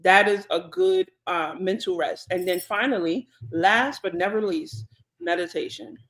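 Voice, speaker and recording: A woman, co-hosting a podcast in relaxed, chatty talk full of fillers and asides. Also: fairly low pitch, a little slow. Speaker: podcast co-host. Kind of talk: casual podcast chat.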